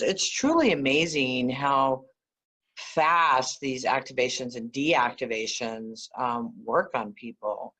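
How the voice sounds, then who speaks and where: A woman guest, an energy healer, telling stories in a conversational interview, animated and often laughing. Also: a bass voice. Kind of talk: conversational storytelling.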